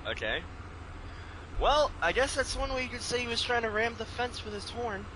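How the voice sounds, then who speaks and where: A man's voice: very high voice, animated, normal speed, noisy background. A man co-hosting a casual podcast, mischievous and full of puns. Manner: punning, mischievous. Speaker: podcast co-host. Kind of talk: casual crude banter.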